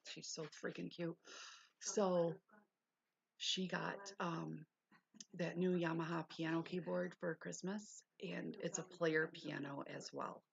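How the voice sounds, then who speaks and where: A woman's voice: fairly low pitch, little pitch movement, takes it slowly, creaky. An older woman hosting a livestream, chatting casually and rambling as she answers viewers. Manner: chatty, rambling, talks back to chat. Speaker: livestream host. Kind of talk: casual chat with live viewers. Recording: dull lo-fi stream audio with faint hiss.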